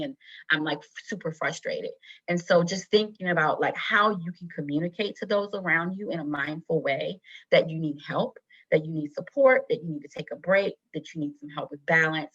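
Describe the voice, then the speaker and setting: A low-voiced woman leads an online wellness workshop. She talks casually and reassuringly, full of fillers. Her computer mic sounds a bit dull. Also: a bit bright. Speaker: teacher running a wellness workshop. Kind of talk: online presentation.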